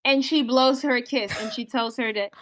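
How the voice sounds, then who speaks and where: Woman on a podcast retelling a movie plot, voice a bit high, jumps into character lines all the time. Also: moderate pace. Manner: animated storytelling, acts out characters' lines. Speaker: podcast co-host. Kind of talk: casual movie recap.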